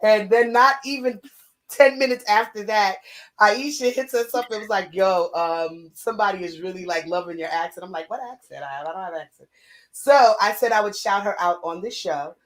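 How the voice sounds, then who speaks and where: A woman co-hosting a casual live-stream chat with a New York accent, talkative and playful with shout-outs. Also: mid-range voice, normal speed, low-quality recording. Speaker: co-host.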